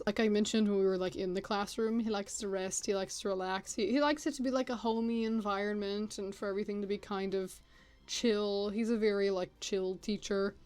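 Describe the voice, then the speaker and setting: A woman's voice: mid-range voice, darkish tone. A woman rambling in a casual, chatty way as she introduces her characters, full of filler words. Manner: chatty, lots of filler "like"s and laughs. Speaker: content creator.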